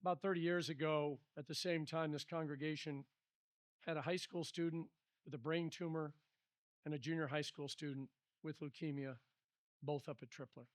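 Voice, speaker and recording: Man, pastor, Bible study, storytelling, fairly high voice, dry close sound. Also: moderate pace, no room sound. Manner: conversational storytelling, animated.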